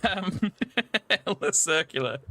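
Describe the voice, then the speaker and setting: A man's voice: a little high, lively intonation, takes it slowly, a bit bright, a little hiss or hum. A man chatting casually on a livestream as the show's creator, hesitant, with lots of fillers and giggles. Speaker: show creator and game master.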